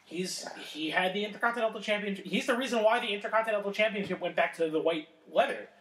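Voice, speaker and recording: Excitable high-voiced man, echoey room. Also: fast talker, a little hiss or hum. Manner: excitable, swears often. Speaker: podcast co-host. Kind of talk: casual wrestling chat.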